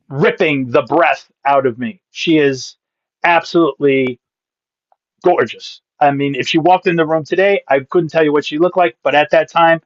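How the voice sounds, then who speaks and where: A man from Massachusetts, a pastor and comedian, telling a story as a podcast guest with punchy comic delivery and quick asides. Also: on the high side, no room sound. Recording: dull, dry sound.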